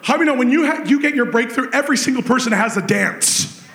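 A man preaching a sermon, telling a story with animated swings between excited shouting and hushed intensity. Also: very high voice, fast talker, echoey room.

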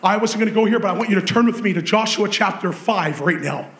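High-voiced animated male preacher. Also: quick pace, reverberant. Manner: animated storytelling, swinging from shouting excitement to hushed intensity. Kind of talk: sermon.

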